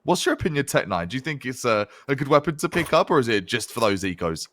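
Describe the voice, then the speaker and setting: A man calling a competitive shooter match as play-by-play caster, with lively, punchy calls and slang. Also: medium pitch, quick pace. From Canada. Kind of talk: esports play-by-play commentary.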